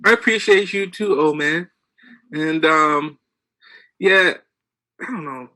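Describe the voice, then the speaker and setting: Bright, sarcastic male podcast co-host. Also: a little high, slow pace, low-quality recording. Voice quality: laid-back, sarcastic, says bro a lot. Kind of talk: casual podcast chat.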